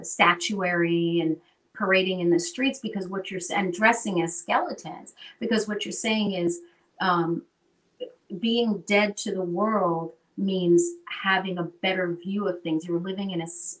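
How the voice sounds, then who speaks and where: A woman teaching in an animated, conversational way, often checking in with "right?". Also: lowish voice, far from the mic, rough recording. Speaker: guest teacher.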